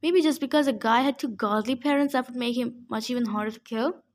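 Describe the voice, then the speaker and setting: Female audiobook reader, high pitched, expressive narrator. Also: fairly quick. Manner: expressive first-person narration. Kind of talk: reading a novel aloud.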